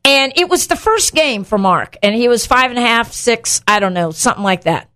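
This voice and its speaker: Animated, laughing woman host telling a story. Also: fairly high pitch, normal speed. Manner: animated storyteller, acts out voices, laughs often. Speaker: co-host of a Christian talk show. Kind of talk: casual faith talk, storytelling.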